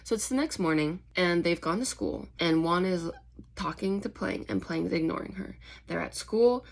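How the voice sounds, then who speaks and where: A woman retells a story chapter in a loose, chatty way, peppering it with "like". Her voice sits low. A gravelly fry runs through it. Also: moderate pace. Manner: chatty, full of "like". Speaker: book recap vlogger. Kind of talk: casual story recap.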